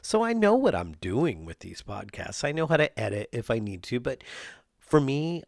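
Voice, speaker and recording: A man's voice: mid-range voice, creaky, dry recording, studio quality. A man from Southern Oregon hosting a solo stream-of-consciousness podcast from home, rambling and swearing freely, restarting sentences mid-thought. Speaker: podcast host and performing artist. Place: at home with his cat.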